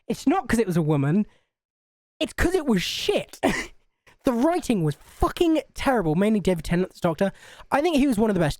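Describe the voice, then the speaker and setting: A woman's voice: medium pitch, a little mellow, no echo, studio quality. A woman live-streaming, chatting casually to her viewers in a blunt, sweary, ranting way.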